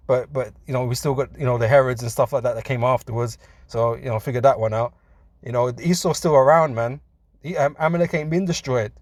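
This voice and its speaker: A man teaching from scripture in a casual, conversational way, often saying "man" and laughing between points, and reading verses slowly. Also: medium pitch, darkish tone, no room sound. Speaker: preacher.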